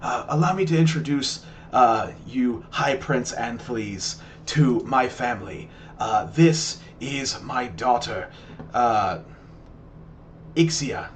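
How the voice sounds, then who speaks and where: A man voicing an elderly noble grandmother, poised and formal, speaking in a soft, half-whispered, measured way. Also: medium pitch, a little hiss or hum, natural voice.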